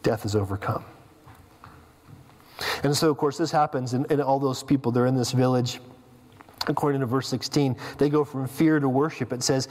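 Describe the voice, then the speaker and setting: A man's voice: mid-range voice, fairly even intonation, fairly quick. A man preaching a sermon as pastor, emphatic, with rhetorical questions and repeated words. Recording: long reverb of a hall.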